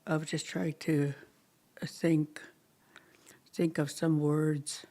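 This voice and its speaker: A language teacher leading a slow class, repeating each word many times with halting pauses and sometimes dropping to a near-whisper. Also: medium pitch, flat delivery, dark tone. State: dry mouth, thirsty.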